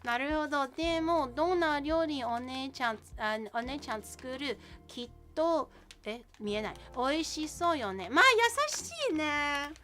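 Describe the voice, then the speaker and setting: A woman's voice: high voice, fast. A woman chatting casually, hesitant and searching for her words. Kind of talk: casual chat.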